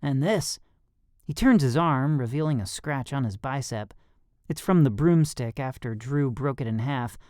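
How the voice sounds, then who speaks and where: A man narrating a young adult thriller audiobook in first person, expressive and lively. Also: mid-range voice, moderate pace, dry recording, clean studio sound.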